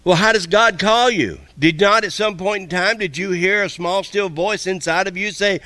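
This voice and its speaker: A man preaching a sermon as pastor, folksy and repetitive, with quick asides to the congregation. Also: high-pitched, bright, forceful tone, no room sound.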